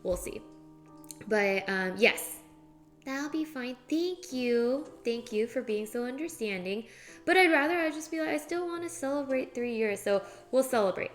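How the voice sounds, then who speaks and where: A woman's voice: high-pitched, lively intonation, moderate pace, faint music behind. A young adult woman streaming as she cooks in her home kitchen, chatting casually and rambling with lots of "like" fillers. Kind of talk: casual chat while cooking.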